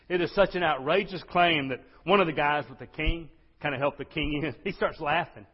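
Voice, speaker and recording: Impassioned preacher in a reverberant hall. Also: male voice, fairly high pitch, normal speed, breathy edge. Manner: swings from hushed to loud impassioned preaching. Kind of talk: sermon. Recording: dull sound with long hall reverb.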